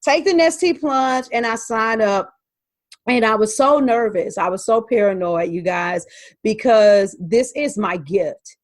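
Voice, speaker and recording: A woman, telling an animated story about learning Spanish. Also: on the high side, unhurried, no room sound. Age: 40s. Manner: lively, animated storytelling with quoted voices. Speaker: podcast host and Spanish learner. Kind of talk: testimonial talk.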